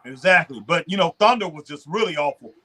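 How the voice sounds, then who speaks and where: Middle-aged male co-host, high pitch, animated drawling chat. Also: brisk. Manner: animated, drawling, mimics wrestlers in asides. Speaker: wrestling show co-host. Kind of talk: casual chat.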